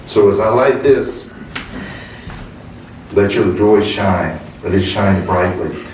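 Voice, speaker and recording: A man leading a church service, telling a story slowly and chuckling as he preaches. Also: lowish voice. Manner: slow, warm storytelling with chuckles. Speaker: minister. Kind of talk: sermon. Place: church sanctuary. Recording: echoey hall, distant mic, faint hum.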